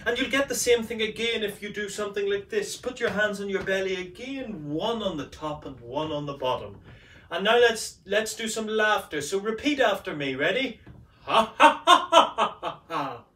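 Singing teacher, male, high voice, unhurried and playful, mic at a distance in a roomy space. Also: expressive, fairly bright tone, a little hiss or hum. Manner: playful, coaxing, demonstrates by singing. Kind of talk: vocal warm-up lesson.

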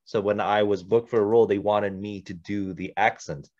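A man who works as a voice actor, speaking on a casual panel as an animated storyteller who gives direct advice. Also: fairly low pitch, normal speed. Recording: dull lo-fi audio.

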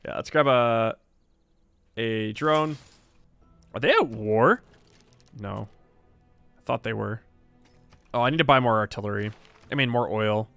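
A man's voice: mid-range voice, measured pace, gravelly, long pauses, fairly bright tone, clean tone, no echo, soft background music. A man casually commenting on his own strategy game as he plays, chatting wryly to himself and to the characters in the game. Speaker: streamer. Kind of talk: live gameplay commentary.

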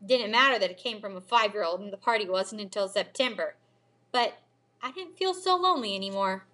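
A teacher reading a children's novel aloud with expressive storybook delivery. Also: female voice, mid-range voice, a little fast. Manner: expressive storybook reading, lively character voices.

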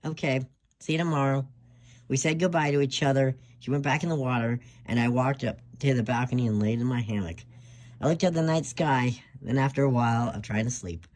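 Brief: man reading fanfiction in first person, halting delivery. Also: mid-range voice. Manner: hesitant, with fillers and restarts. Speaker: fanfiction reader.

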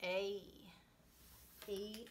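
A young woman teaching young children letter sounds, sounding them out slowly in a sing-song way and switching between English and Spanish words. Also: medium pitch, little pitch movement, a little hiss or hum. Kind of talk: early-childhood phonics lesson.

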